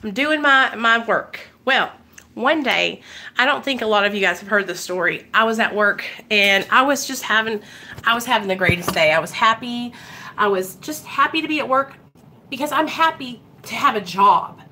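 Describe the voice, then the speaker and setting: Bright-voiced earnest woman vlogging. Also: on the high side, moderate pace, slight background noise. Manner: earnest and animated, addressing viewers directly as "you guys". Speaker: recovery vlogger. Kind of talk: casual livestream-style talk to viewers.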